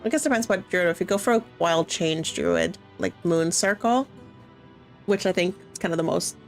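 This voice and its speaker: A woman's voice: fairly low pitch, normal speed, faint music behind. A young woman from Canada chatting cheerfully on a live stream, laughing often as she talks with her viewers. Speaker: streamer and game host. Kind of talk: casual live-stream chat.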